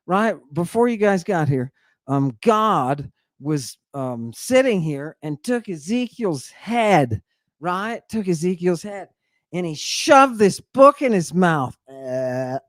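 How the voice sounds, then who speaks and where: A man giving an excitable, irreverent lecture as a guest scholar, teasing his audience and calling out to the crew. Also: on the high side, dry recording, studio quality. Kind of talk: animated lecture on ancient texts.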